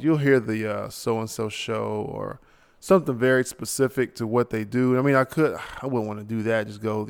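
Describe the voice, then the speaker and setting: A man's voice: mid-range voice, vocal fry, big-room sound. A man hosting a solo podcast, ranting casually and sounding tired late at night. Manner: casual, ranting, tossing in mock voices. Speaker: podcast host.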